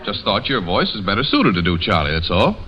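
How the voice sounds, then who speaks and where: A man hosting a scripted radio comedy show, trading brisk, playful jokes. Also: lowish voice, very animated, muffled recording. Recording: hissy 1930s radio broadcast.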